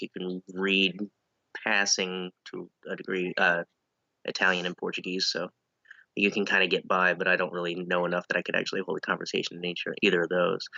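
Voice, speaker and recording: A man's voice: deep voice, creaky, bright, forceful tone, dry recording, muffled recording. A man chatting casually as a comedian guest, dry and self-deprecating, rambling through his answers.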